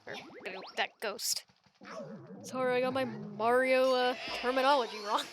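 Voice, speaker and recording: A woman's voice: high voice, steady tone, moderate pace. A woman giving casual, playful gameplay commentary as a let's play host, giggling and making joking asides.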